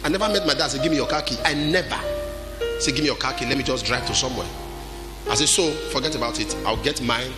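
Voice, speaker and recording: A man preaching a sermon, moving from loud exhortation to quiet storytelling. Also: mid-range voice, fast talker. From Nigeria. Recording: music behind the voice.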